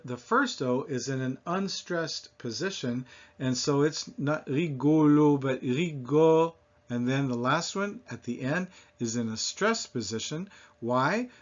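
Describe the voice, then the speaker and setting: A man teaching French pronunciation, slowly modeling sounds for learners to repeat. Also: medium pitch. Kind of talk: pronunciation lesson. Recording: dull lo-fi recording.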